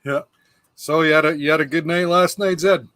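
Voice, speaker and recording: A man's voice: fairly high pitch, steady tone, fairly quick, a bit bright. A man who is a guest on a livestream, trading teasing banter over a video call. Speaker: guest vlogger. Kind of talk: casual livestream chat.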